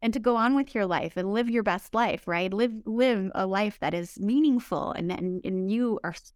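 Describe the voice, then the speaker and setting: A woman's voice: mid-range voice, normal speed, no echo, studio quality. A woman healing coach answering interview questions in an emphatic, upbeat way, often repeating words for stress. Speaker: spiritual healing coach, guest.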